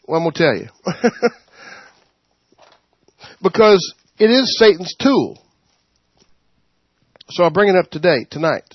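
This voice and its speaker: A man leading a Bible study, preaching informally in an animated way, laughing and acting out quotes. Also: sits high, slow pace, pauses often, breathy edge, no room sound. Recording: dull, muffled sound.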